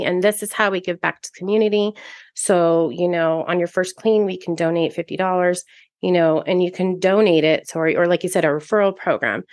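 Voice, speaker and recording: A woman with a fairly low voice talks earnestly on a podcast. Her speech is heartfelt and chatty, full of fillers. The sound is dry and close-miked. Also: no room sound. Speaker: podcast co-host. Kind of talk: casual podcast chat.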